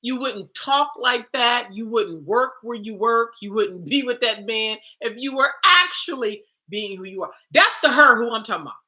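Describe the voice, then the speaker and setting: A woman's voice: on the high side, lively intonation, moderate pace, few pauses, pushed and bright. A woman hosting a livestream for women, talking bluntly and confrontationally with many rhetorical questions. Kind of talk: livestream talk.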